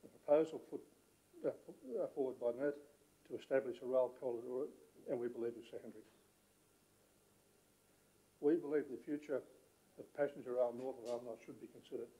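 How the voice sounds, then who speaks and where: A man, out of breath and halting, speaking as a ratepayers' representative at a council meeting. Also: mid-range voice, steady tone, warm tone. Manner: halting, frequent fillers, clears throat. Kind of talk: public address at a meeting. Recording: muffled council chamber audio.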